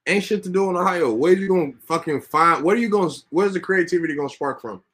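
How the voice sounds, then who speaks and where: A Southern-accented man co-hosting a sports podcast, with a bright, forceful voice pitched a bit above average. He rants with animated, profane energy. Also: fast, slight background noise. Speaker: podcast co-host. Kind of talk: casual sports chat.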